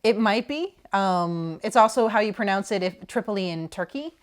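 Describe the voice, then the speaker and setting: A woman's voice: medium pitch, expressive, normal speed. A young adult woman co-hosting a casual podcast chat, rambling through asides and swearing freely. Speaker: podcast co-host.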